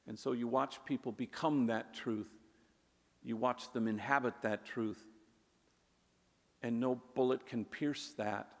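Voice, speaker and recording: Storytelling man with a gravelly voice in a hall. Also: medium pitch, a little slow, pauses often. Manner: warm conversational storyteller, sprinkles Spanish words. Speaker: priest giving a public talk. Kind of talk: storytelling speech. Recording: echoey hall with long reverb.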